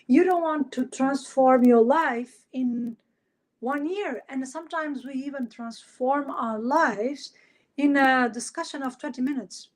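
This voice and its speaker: Woman in her late 40s, coach chatting on a live podcast, kinda high voice, lots of ums and restarts, laughs a lot. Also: measured pace. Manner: warm, chatty, with frequent fillers and restarts; laughs often while telling stories. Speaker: life coach.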